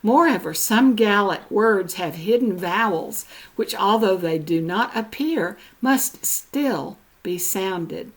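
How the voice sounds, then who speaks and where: An older woman presenting genealogy notes, reading slowly and carefully, spelling out words letter by letter. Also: mid-range voice, animated.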